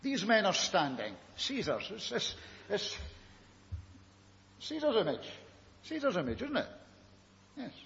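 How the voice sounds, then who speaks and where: A man's voice: sits high, huge pitch swings, a little slow, long pauses, a bit bright, slight background noise. A man preaching a sermon, telling the story dramatically and firing rhetorical questions at his listeners. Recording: echoey hall, dull lo-fi recording.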